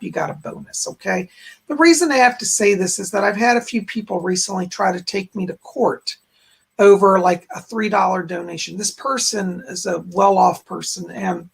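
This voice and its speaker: A man hosting a psychic live stream with a hoarse voice that keeps going out, chatting to viewers and leading a guided meditation. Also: sits high, a bit bright. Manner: speaks straight to viewers, frequent throat clearing. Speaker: psychic medium host.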